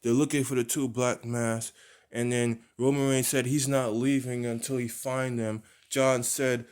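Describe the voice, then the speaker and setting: A man's voice: mid-range voice, little pitch movement, unhurried, darkish tone, smooth. A man rambling through a wrestling storyline he invented, full of restarts and repeated words. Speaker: wrestling fan booking storylines. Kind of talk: rambling fantasy booking monologue.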